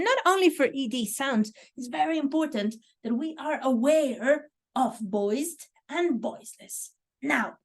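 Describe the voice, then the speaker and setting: In a classroom, a woman teaching English pronunciation repeats sounds for her students and gives them warm praise. Her voice is fairly high, and her speech is slow and careful.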